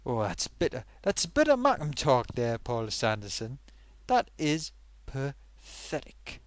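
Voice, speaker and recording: A man's voice: mid-range voice, huge pitch swings, takes it slowly. Chatty man, livestream host. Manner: chatty, reads out viewer comments. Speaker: host of a live stream. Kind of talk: casual live-stream chat.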